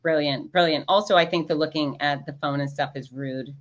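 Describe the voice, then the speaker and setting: A woman's voice: sits low, fairly even intonation, brisk. A woman hosting a show, upbeat and addressing her audience directly. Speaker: host. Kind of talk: casual chat.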